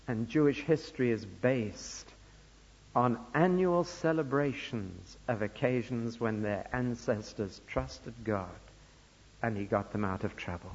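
Emphatic preacher in a reverberant hall. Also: male voice, mid-range voice, expressive, husky. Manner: emphatic, swings between loud stresses and slow hushed phrases. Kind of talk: sermon. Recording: dull lo-fi recording in a reverberant hall.

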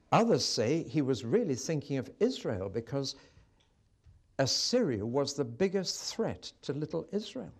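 A man preaching a sermon, telling a story with animated delivery and acting out the quoted speech. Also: medium pitch.

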